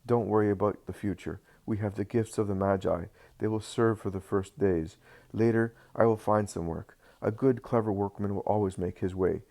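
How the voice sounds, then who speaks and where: Reading his part, a man voices a devoted husband who offers firm, calm reassurance. His very low, gravelly voice sounds earnest, paced like a slow storybook reading, and the mood is reassuring.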